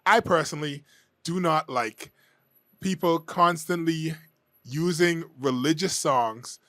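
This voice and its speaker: A man's voice: fairly high pitch, fairly bright tone, no room sound. Man with a dry close sound. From Bahamas. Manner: measured and frank, hedging his opinions. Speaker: radio show host. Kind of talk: opinion commentary monologue.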